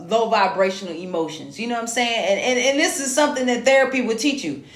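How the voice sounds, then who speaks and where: Woman, podcast host, casual profane monologue, animated, frank, echoey room. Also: a little high. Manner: frank, animated, keeps saying "you know what I'm saying".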